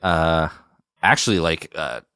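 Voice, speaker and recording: A man's voice: very deep voice, expressive, measured pace, gravelly, sharp tone, clean tone, no room sound, studio quality. A man co-hosting a podcast, telling a story in casual chat with lots of fillers and restarts. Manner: rambling storyteller, many fillers. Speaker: podcast co-host.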